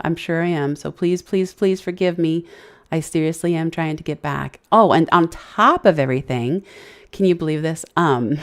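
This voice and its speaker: A woman hosting a casual live stream, halting and searching for words, thanking viewers as she reads the chat. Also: sits low. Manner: halting, many fillers and restarts, searching for words; grateful, effusive thanks to viewers. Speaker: livestream host.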